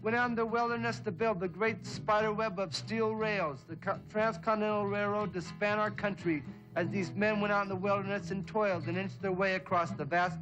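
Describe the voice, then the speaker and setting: A man's voice: sits high, fairly even intonation, brisk, hardly any pauses, dull audio. A man telling a rambling, dim-witted story in a comedy folk song routine, on a 1960s TV stage. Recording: 1960s TV soundstage with loud guitar and audience.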